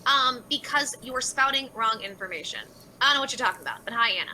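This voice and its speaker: A woman chatting on a livestream, answering comments in a blunt, profane, exasperated way. Her voice is sharp and tense, with a very animated rise and fall. She sits high in her range. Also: fast, slight background noise, rough recording. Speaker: livestreamer reading chat. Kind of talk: casual livestream chat.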